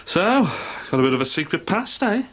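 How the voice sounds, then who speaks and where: A man's voice: high-pitched, very animated, a little fast, fairly bright tone, heavily acted. Brief: a wry scouse father-in-law, swooping teasing voice. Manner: teasing, probing questions. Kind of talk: 1990s TV soap acting.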